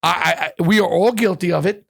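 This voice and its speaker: A middle-aged man telling animated stories in an interview, profane and repeating words when he gets going. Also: sits high, a little fast, vocal fry. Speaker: chef and guest. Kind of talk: storytelling interview chat.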